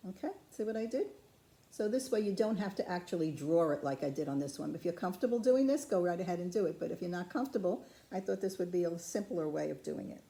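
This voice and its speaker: Working in a craft studio, a woman demonstrates ceramic painting step by step and chats to the camera. Her voice is lowish and creaky, and she talks fast, though her instruction stays calm, patient, and friendly.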